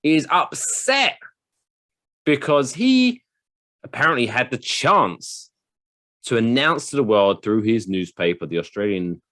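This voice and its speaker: A man's voice: mid-range voice, big pitch swings, measured pace, fairly bright tone, no room sound. A man hosting a casual comedy podcast, rambling through a story and swearing freely. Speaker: podcast host.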